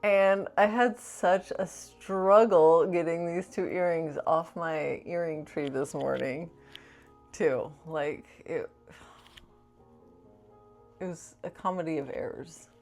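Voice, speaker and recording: Low, gravelly-voiced woman vlogging. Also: takes it slowly, darkish tone, soft background music. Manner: rambling, chatty, many "like" fillers. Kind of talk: casual chat to camera.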